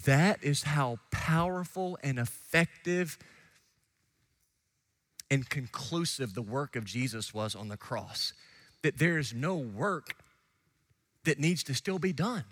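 A man preaching a sermon as pastor, swinging from hushed asides to shouted emphasis and quickly acting out the voices of listeners. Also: fairly high pitch. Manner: acts out listeners and biblical figures in quick quoted asides.

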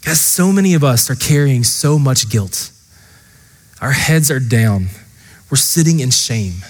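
A man's voice: medium pitch, animated, measured pace, in a large hall. A man preaching a sermon as pastor, earnest and impassioned, speaking straight to the congregation. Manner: earnest, impassioned preaching with repeated direct address.

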